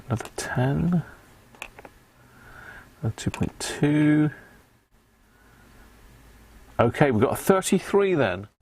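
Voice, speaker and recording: A man's voice: a little high, big pitch swings, unhurried, a little mellow, husky. A jovial man hosting a casual live stream, chatting and laughing with his viewers. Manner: jovial, laughing banter with chat. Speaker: live-stream host restoring a vintage radio.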